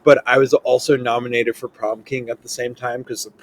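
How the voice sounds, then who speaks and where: Young male podcast host, casual storyteller, filler-heavy, mid pitch, light hiss. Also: fairly quick, rough recording. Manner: rambling, lots of "like" fillers, animated quoting.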